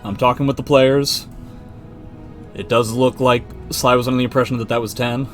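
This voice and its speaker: A man hosting a live stream and commentating fighting game matches, excitable and joking as he reacts to the play. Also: medium pitch, normal speed, soft background music. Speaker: esports commentator and stream host.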